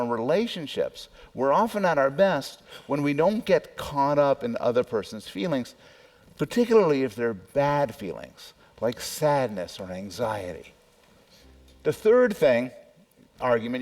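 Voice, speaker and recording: A man's voice: medium pitch, sing-song, moderate pace, a little mellow. A man who is a psychology professor, giving a conversational public lecture that poses questions to the audience and adds personal asides.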